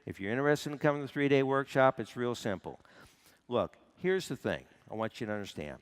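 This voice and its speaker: A man's voice: medium pitch, sing-song, fairly quick, smooth. A middle-aged man giving an on-stage seminar talk, telling stories animatedly and acting out phone calls in different voices. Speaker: seminar speaker. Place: large hall on stage. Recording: long hall reverb.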